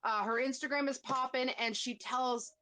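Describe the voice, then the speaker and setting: A woman's voice: sits high, steady tone, normal speed, pushed and bright. Gushing Canadian woman host, fillers. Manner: gushing, emotional, many fillers and restarts. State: tearful. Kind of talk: casual live-stream interview.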